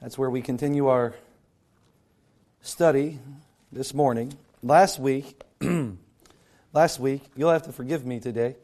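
A male pastor preaching a sermon with a hoarse, strained voice that keeps cracking, clearing his throat and restarting words often. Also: medium pitch, takes it slowly, pauses often, darkish tone.

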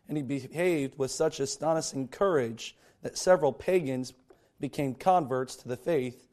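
A male pastor preaching a sermon with a hoarse, strained voice that keeps cracking, clearing his throat and restarting words often. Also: a little high, darkish tone.

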